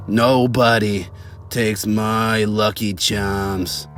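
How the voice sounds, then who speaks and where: A bumbling tough-guy gangster, as a man puts him on, his voice dropped low and dragged out slowly. He drawls every line with mock menace over faint background music. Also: fairly even intonation, a bit bright. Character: clumsy gangster man botching accents.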